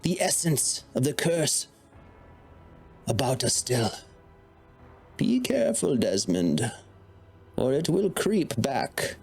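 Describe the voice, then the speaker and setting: A man's voice: medium pitch, sing-song, slow, creaky, long pauses, husky, faint music behind, heavily acted. Man putting on an ominous old hag. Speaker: dungeon master.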